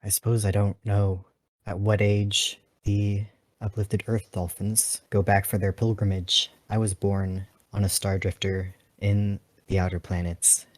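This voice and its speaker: A man's voice: fairly low pitch, flat delivery, no echo, natural voice. A man playing a formal dolphin pilot. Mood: curious. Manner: measured and formal, calls others "child". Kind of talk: tabletop role-play voice acting.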